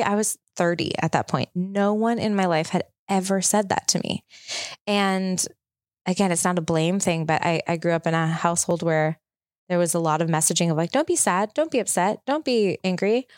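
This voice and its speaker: Low-voiced woman telling a reflective story. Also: steady tone, moderate pace, no echo, studio quality. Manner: reflective storytelling, chatty and open. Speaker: podcast host. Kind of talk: casual chat.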